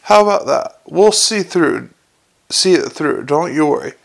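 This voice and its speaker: A man voices a homely middle-aged sergeant, fussing and reassuring. The voice sits up in pitch with a gravelly grain. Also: animated, a little slow.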